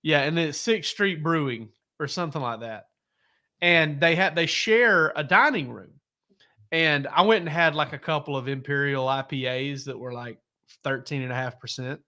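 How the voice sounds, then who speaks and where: A man's voice: a little high, normal speed, bright, forceful tone. A man, a sports reporter, telling laid-back stories on a casual podcast, rambling with many fillers and restarts.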